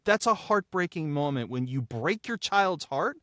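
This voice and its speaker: A man, the writer and director, talking through his episode in a casual behind-the-scenes chat, emphatic and heartfelt, tripping over repeated words when excited. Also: on the high side, normal speed, no echo, studio quality.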